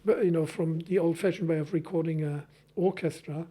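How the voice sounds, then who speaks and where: A man with a German accent speaks in a high, light register as a guest on a podcast. He talks haltingly, circling back and restarting his sentences, and often chuckles as he explains his work teaching film. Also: fairly even intonation, dark tone. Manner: hesitant, many restarts, chuckles. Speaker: film school lecturer. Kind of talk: podcast interview.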